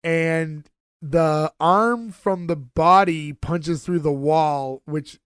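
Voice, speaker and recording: A man co-hosting a podcast, retelling a TV episode in lively casual chat with lots of fillers. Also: on the high side, drawn-out words, clean tone, no echo, clean studio sound. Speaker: podcast co-host.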